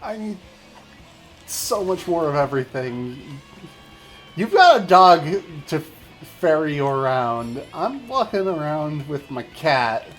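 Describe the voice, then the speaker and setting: A man's voice: on the high side, sing-song, slow pace, a bit bright, soft background music. A man gaming alongside a friend, chatting casually with wry, playful banter. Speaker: co-op gaming guest.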